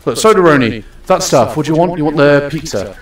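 In casual stream commentary, a young gamer playfully bosses the customers around, his fairly high voice quick and lively in intonation. The sound is roomy and echoey, captured well away from the mic.

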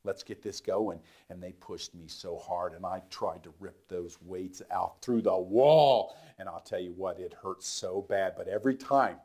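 A middle-aged man, an instructor, telling a motivational personal story in a lively way, acting out the voices of others and dropping to a near whisper. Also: sits low, a little slow, hardly any pauses.

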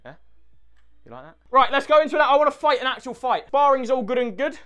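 A man giving loud, sweary, jokey gaming commentary as a YouTuber, often breaking into shouts. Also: extremely high pitch, expressive, quick pace, smooth.

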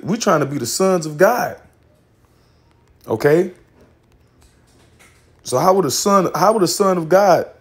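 A man's voice: on the high side, gravelly. A man teaching scripture in a loose, casual way, swearing and laughing often as he reads verses aloud.

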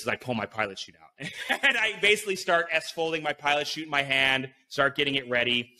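A man guest on a podcast, telling an animated story full of swearing and fillers, acting out his own inner voice. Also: medium pitch, fast talker, hardly any pauses. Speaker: podcast guest, BASE jumper.

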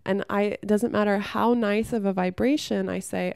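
A young woman talking frankly to camera, giving relationship advice and telling a story from her own life with lively acted-out quotes and some swearing. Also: medium pitch, normal speed, creaky, clean tone, no room sound. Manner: frank and blunt, swears freely; lively storyteller who acts out the people she quotes. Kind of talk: casual advice monologue with storytelling.

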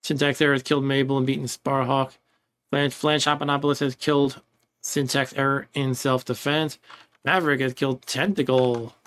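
A man's voice: mid-range voice, flat delivery, normal speed, fairly bright tone. A man casually commenting on his own game playthrough, rambling along, chuckling now and then and reading game text aloud. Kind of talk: casual let's-play commentary.

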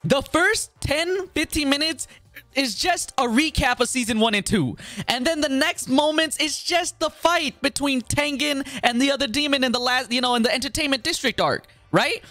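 A video creator in a comedic rant vlog, talking with exaggerated indignation. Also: male voice, very high voice, moderate pace, bright, forceful tone, dry recording, faint music behind.

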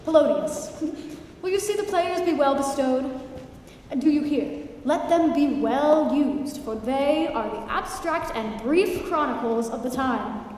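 A woman's voice: sits high, a little slow, a little mellow. Female actor as a witty young prince, impassioned stage delivery, distant in a big reverberant hall. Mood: declaiming. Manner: theatrical, wry, impassioned. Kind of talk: live stage play performance. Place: theater stage. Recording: far echoey hall, faint noise.

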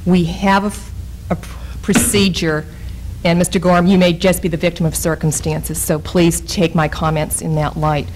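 A woman town councilor speaking firmly and in a measured way at a public meeting, openly frustrated with how things are being handled. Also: lowish voice, level tone, noisy background.

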